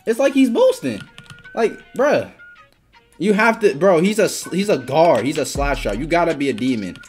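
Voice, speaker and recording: A young man talks through a video game match in a loose, profane stream of commentary. His pitch swings wildly between muttering and excited shouts. Music plays underneath. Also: normal speed. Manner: excitable, swears a lot, trash-talks teammates and opponents. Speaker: gaming YouTuber. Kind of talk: casual gameplay commentary. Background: background music.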